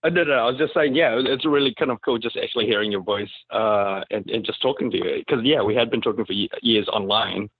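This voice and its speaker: A man with a New Zealand accent chats as a podcast guest over a tinny, phone-like line with no room sound. He talks in an animated way, with lots of fillers and easy laughs. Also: fairly low pitch, fast talker, hardly any pauses, slightly rough, dry recording. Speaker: actor guest. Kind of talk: casual podcast interview. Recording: dry, phone-like remote call audio.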